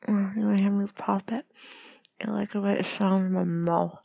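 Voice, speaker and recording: A young adult woman in a whispered role-play, speaking in breathy whispers and low murmurs, giving commands while chewing and sighing. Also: flat delivery, brisk, mellow. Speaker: audio role-play performer.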